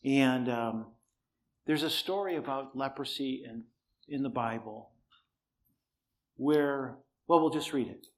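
A man's voice: medium pitch, takes it slowly, pauses often. A man preaching, telling a personal story in an easy, conversational way with dry humor; he says he cannot raise his voice. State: cannot shout, voice strained.

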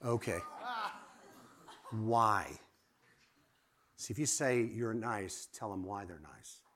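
Lively male preacher, swinging loud and soft. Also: fairly low pitch, normal speed. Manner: lively, rising to exclamations and dropping to quiet asides; asks the audience direct questions. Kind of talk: sermon.

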